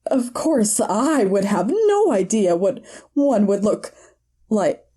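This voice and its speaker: A guarded woman hedges her answers, speaking slowly in a mellow, slightly high voice, as a woman acts her out. Her pitch rises and falls freely as she dodges the questions. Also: sing-song, breathy edge, exaggerated voice. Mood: evasive. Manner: hesitant, evasive. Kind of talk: amateur voice acting.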